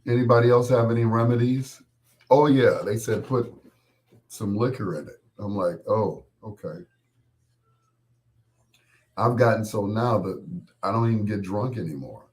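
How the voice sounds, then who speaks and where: A deep-voiced man hosts a live stream, chatting loosely and joking as he talks straight to his viewers. He is middle-aged and still getting his voice back after being ill, and his talk wanders from one aside to the next. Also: normal speed, darkish tone. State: recovering from losing his voice. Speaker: host of a live stream show. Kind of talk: casual chat with live viewers.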